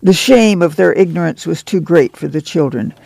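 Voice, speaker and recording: A man narrating an audiobook in a steady, measured reading. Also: a little high, gravelly, no echo. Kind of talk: scripted narration.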